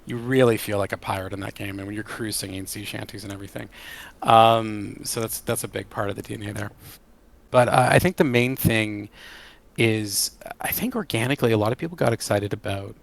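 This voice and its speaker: A man with a lowish, rough and gravelly voice answers interview questions about his work. He talks with eager, animated enthusiasm. The tone stays casual and conversational. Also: a little fast. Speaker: game creative director.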